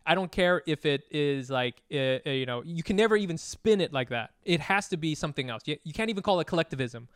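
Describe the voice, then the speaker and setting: A Vietnamese-American man in casual podcast chat who talks in restarts, swears and gets louder as he argues. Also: a little high, quick pace, few pauses, smooth, no room sound, studio quality. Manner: animated, laughing, swearing, restarts.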